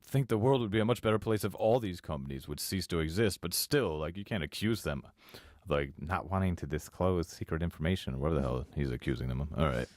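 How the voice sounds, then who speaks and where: A man's voice: deep voice, expressive, quick pace, a little mellow, no room sound, studio quality. A man co-hosting a casual podcast, mocking a documentary with sarcastic jokes and frequent laughter. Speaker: podcast co-host. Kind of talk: casual mocking commentary over a video.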